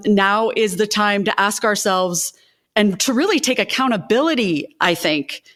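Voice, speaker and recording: A woman who co-founded an advocacy group, speaking with passion in a panel conversation, in bursts with many restarts. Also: medium pitch.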